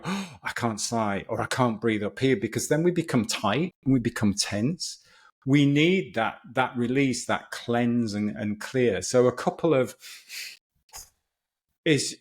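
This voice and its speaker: Man, breathwork coach, podcast guest, enthusiastic, restarts often, mid-range voice. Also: mid-range voice. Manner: enthusiastic, explanatory, with frequent restarts. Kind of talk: conversational podcast explanation.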